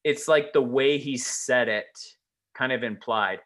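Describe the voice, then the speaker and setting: Bright-voiced man chatting loosely. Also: medium pitch, measured pace. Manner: rambling, heavy use of filler words. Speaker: podcast co-host, former teacher. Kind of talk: casual conversation.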